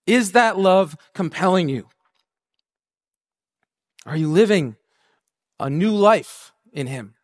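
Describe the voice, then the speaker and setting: Male preacher, high-pitched, casual joking delivery that swells into passionate prayer. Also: lively intonation, slow pace, pauses often. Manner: conversational and humorous, building to a rousing fervent prayer. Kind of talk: sermon.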